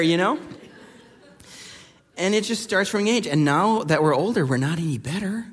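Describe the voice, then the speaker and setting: A male pastor preaching a sermon in a relaxed, conversational way, telling stories with many fillers. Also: high voice, moderate pace, pauses often, long reverb tail.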